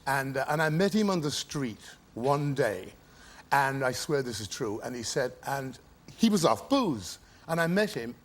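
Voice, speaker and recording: A man's voice: medium pitch, very animated, unhurried. A man telling a rambling anecdote as a guest on a talk show. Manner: rambling, roundabout storytelling.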